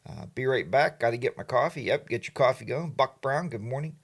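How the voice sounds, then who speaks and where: A man's voice: mid-range voice, expressive, fairly quick, gravelly. A middle-aged man hosting a casual livestream, chatty and playful, greeting viewers by name. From Pennsylvania, USA. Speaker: livestream host. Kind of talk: casual live chat.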